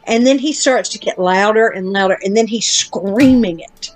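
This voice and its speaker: A woman's voice: medium pitch, moderate pace, soft background music. A woman podcast host telling a long story in casual chat, blunt and self-deprecating, with casual swearing.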